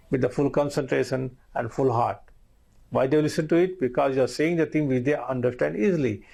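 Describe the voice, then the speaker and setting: Gravelly, dark-voiced male instructor. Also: mid-range voice. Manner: earnest, repetitive, addresses listeners as "my friends". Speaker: course instructor. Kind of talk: recorded online lesson.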